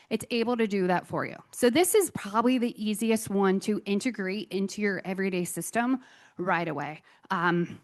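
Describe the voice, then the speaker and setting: A woman presenting a conference talk on software tools, chatty and enthusiastic with self-deprecating asides. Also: medium pitch.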